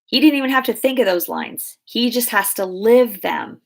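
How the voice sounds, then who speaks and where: A woman's voice: fairly high pitch, normal speed, gravelly. A woman in her thirties coaching clients in a casual question-and-answer talk, chatty and full of fillers and restarts.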